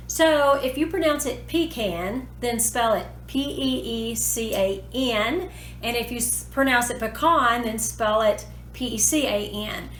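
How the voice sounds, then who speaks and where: A woman hosting a casual cooking tutorial in her home kitchen, in a chatty, homey way with folksy phrasing. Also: high voice. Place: home kitchen, food sizzling. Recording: echoey kitchen with cooking noise.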